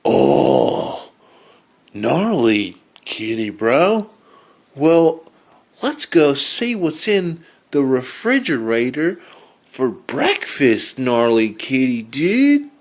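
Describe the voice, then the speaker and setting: A man's voice: medium pitch, wildly swooping pitch, very slow, full character voice. A man voicing a dopey surfer-dude young man in a homemade cartoon, calling everyone dude and bro in slangy talk.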